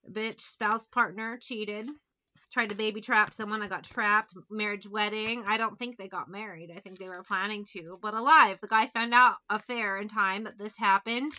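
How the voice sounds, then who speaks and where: A woman's voice: on the high side, pushed and bright, dull audio. A woman giving a casual tarot reading, talking bluntly with plenty of swearing and sarcastic asides. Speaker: tarot reader.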